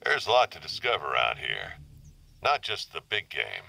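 A man's voice: rumbling low, huge pitch swings, moderate pace, creaky, pushed and bright, dry recording, exaggerated voice, rough recording. An actor playing a male hunting guide in a video game, folksy and instructive. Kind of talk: game dialogue.

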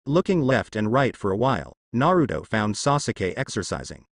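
A male narrator reading translated fan fiction aloud in an even, unhurried way. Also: fairly low pitch, vocal fry, no echo, clean studio sound.

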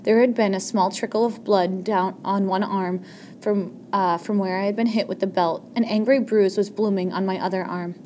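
A woman's voice: mid-range voice, fairly even intonation, normal speed, darkish tone, a little hiss or hum. A woman narrating an audiobook chapter in the first person, reading steadily with a few small slips.

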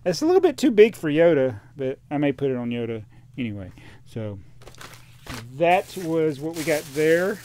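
A man's voice: on the high side, sing-song, moderate pace, darkish tone. A man venting about damaged packaging while unboxing toys, chatty and exasperated, reading viewer comments aloud. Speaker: toy collector vlogger. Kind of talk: casual unboxing rant.

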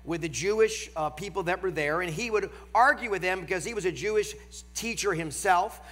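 A man's voice: sits high, fairly bright tone. Nasal, emphatic Northern preacher man. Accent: American Northern. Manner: emphatic, slows down for key phrases. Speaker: guest preacher. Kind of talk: sermon. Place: large church auditorium. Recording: long hall reverb.

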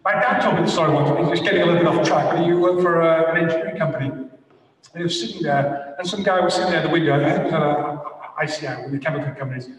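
A man's voice: on the high side, very fast. An older man giving a guest lecture and answering questions, talking in an enthusiastic, rambling, anecdotal way. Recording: echoey hall from far off.

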